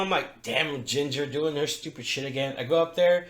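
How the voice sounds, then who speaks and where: A man's voice: fairly high pitch, normal speed. A man who works as a strip club DJ, telling a profane story on a podcast and acting out the people in it. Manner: profane, animated, acts out voices in his stories. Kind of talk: casual storytelling. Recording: echoey room.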